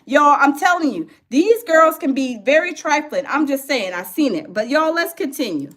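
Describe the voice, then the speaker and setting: A woman hosting a gossip reaction show, animated and laughing as she talks straight to her viewers. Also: sits high, moderate pace. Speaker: commentary host.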